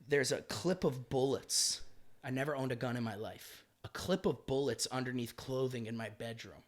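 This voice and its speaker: Comedian guest: American man in his thirties, mid-range voice, animated and profane while he spins a yarn. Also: medium pitch, moderate pace. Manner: animated, swearing, acts out quoted voices. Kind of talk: casual storytelling.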